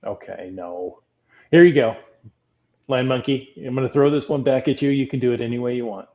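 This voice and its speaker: A male podcast co-host reads out listener comments and chats casually, friendly and laughing. His medium-pitched voice runs a little fast, and the audio has a phone-like quality.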